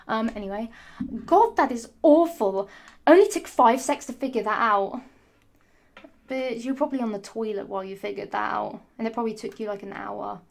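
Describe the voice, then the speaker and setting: A young woman rants on her vlog with a sarcastic, sassy edge. She swears freely and keeps drifting off topic, talking at a middling pitch. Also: vocal fry. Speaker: vlogger. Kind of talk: ranting casual monologue.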